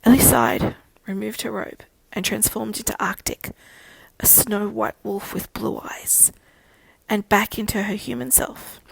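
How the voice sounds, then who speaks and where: A woman narrating a fan fiction audiobook in a steady storytelling manner. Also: mid-range voice, unhurried, vocal fry, breathy edge, dry recording, low-quality recording.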